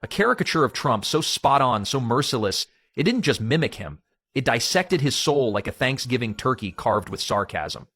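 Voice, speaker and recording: Brief: male narrator, husky, dramatic hype delivery, dry. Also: mid-range voice, sing-song, moderate pace, a bit bright, no echo. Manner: dramatic, hyped teaser delivery. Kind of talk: scripted narration.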